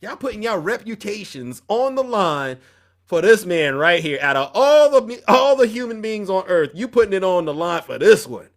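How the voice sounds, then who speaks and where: A man's voice: high-pitched, big pitch swings, normal speed. Confrontational male live-stream host, fiery. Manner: confrontational, preachy, addresses chat directly. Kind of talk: heated political live stream rant.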